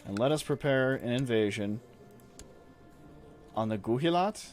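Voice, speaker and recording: A man's voice: mid-range voice, animated, measured pace, a little mellow. Man, game streamer, casual commentary, reads text aloud, faint music.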